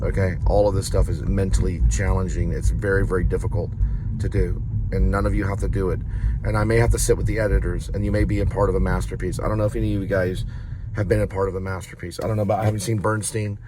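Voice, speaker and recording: A man's voice: deep voice, fairly even intonation, quick pace. A man rambling and ranting in a monologue while driving at night, sometimes muttering, sometimes raising his voice. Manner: ranting, rambling, shifts between muttering and raised voice. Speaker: vlogger. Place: car at night. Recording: noisy in-car recording. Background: road and engine noise.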